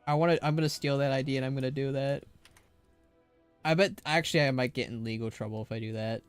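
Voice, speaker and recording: A man's voice: medium pitch, steady tone, fast, clean tone, dry recording, faint music behind. A man streaming a game, chatting casually, playful and teasing, laughing often. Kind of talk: casual chat while gaming.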